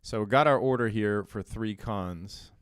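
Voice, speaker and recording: A man's voice: on the low side, measured pace, clean tone, dry recording, studio quality. A man streaming live day trades, casually explaining his setups and bantering with chat. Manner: chatty, reads chat aloud, laughs it off.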